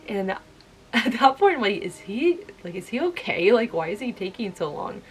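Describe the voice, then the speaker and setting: A young woman vlogger with a lowish voice tells a spooky personal story to camera, chatty and casual and packed with "like." The recording is rough.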